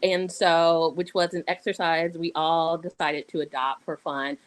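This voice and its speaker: A woman's voice: low voice, flat delivery, unhurried, poor audio. Sassy Southern woman reading on a call. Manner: playful, sassy reading with asides. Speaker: anthology co-editor reading her piece. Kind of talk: online panel reading. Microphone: video call.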